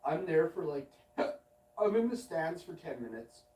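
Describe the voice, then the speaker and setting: A man's voice: fairly high pitch, lively intonation, a little slow, warm tone. A man hosting a late-night livestream, telling a long anecdote in a loose, swearing, self-interrupting way. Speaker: livestream host. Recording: roomy and distant from the mic.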